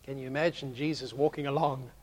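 A man preaching a sermon as a pastor, animated and swinging from hushed to loud. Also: mid-range voice, fast talker.

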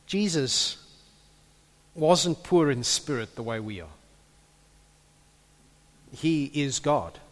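A man preaching a sermon, earnest, building to loud impassioned peaks and repeating his words as he goes. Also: fairly high pitch, animated, takes it slowly, pauses often. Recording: echoey hall with long reverb.

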